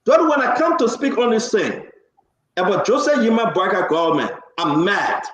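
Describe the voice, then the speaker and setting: A man's voice: sits high, lively intonation, moderate pace, a bit bright, roomy sound. A man hosting a heated political talk show, impassioned, cutting in and repeating himself for emphasis. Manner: impassioned, talks over others, repeats for emphasis.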